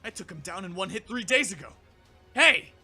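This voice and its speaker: A man's voice: high-pitched, expressive, quick pace, faint music behind, voice pushed up, full character voice. A man voicing a cocky, hot-tempered young male android in a fan audiobook, raising his voice to snarl. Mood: furious. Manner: smug, then shouting and snarling.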